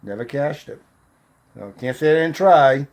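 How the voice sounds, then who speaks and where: A man's voice: mid-range voice, expressive, moderate pace, darkish tone. A middle-aged man from Massachusetts tells an old personal story in a loose, profane way. He laughs between lines and acts out what each person said. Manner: profane, laughs through the tale, acts out the voices. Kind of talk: casual storytelling.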